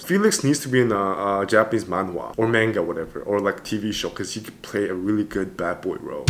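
A young man hosting a reaction video, gushing and exclaiming in excited casual commentary. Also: on the low side. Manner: animated, exclaims often, gushing.

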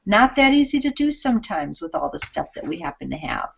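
A woman's voice: medium pitch, sing-song, brisk, creaky, a little hiss or hum. A woman co-hosting a live craft show, friendly, reading viewer messages aloud. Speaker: co-host reading viewer comments. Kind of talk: live-streamed chat. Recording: dull, lo-fi live stream.

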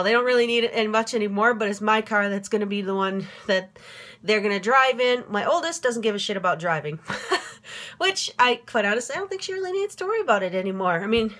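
A middle-aged woman from Minnesota vents to a handheld camera in a casual vlog. Her voice sits a little high, and she talks in a rambling way, full of fillers, restarts and swearing. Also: a bit bright. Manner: rambling, swearing, frequent fillers and self-corrections. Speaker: vlogger. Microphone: handheld phone camera, no tripod.

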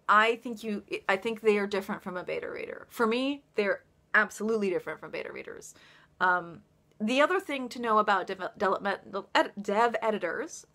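A woman's voice: medium pitch, bright, forceful tone. A woman author chatting casually on a livestream, rambling a little and laughing often.

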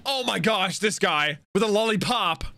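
A man reacting to an anime episode as he watches, excitable and thinking aloud in slangy chat. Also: sits high, normal speed, vocal fry, faint music behind.

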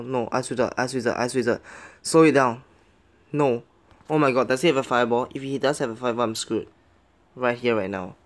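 Young man yelping over his gameplay. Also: medium pitch. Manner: excitable, swings between muttering plans and loud yelps; pleads and begs at the game. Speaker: game commentator. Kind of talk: live gameplay commentary.

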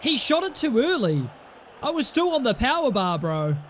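A man with a notably high voice commentates on his own football video game as he plays. He calls the passes in short bursts and breaks into exasperated, sweary rants at his players. A faint hum sits under the voice. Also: big pitch swings, moderate pace, a bit bright. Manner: jumps between play-by-play and rants. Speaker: gaming YouTuber. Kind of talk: live gameplay commentary.

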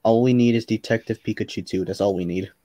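A man streaming and chatting casually with friends, easily worked up and repeating himself when excited. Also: lowish voice, fast talker, no echo. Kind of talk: casual voice chat.

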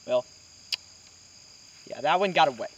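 On a muffled recording from the woods, a hunting vlogger chats and whispers to viewers as he stalks, with crickets and insects buzzing around him. His mid-range voice is unhurried, with lively intonation.

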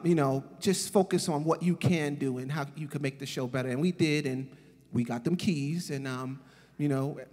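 A man in his forties giving a casual, laughing comic eulogy at a memorial service. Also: on the high side. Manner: casual, laughing, animated storytelling. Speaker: eulogy speaker. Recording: reverberant hall, husky voice.

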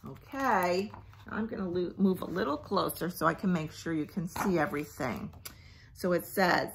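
At bedtime, a woman librarian reads a picture book aloud, softly posing questions to the children and drifting down to a hushed near-whisper. Her voice is fairly low and a little rough, with some vocal fry, and she reads at a normal speed.

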